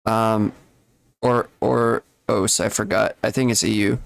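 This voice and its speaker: A man's voice: fairly low pitch, steady tone, a little slow, creaky, no echo. Chatty male game streamer, dry sound. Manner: rambling, chatty, talks to chat. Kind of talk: casual live-stream chat.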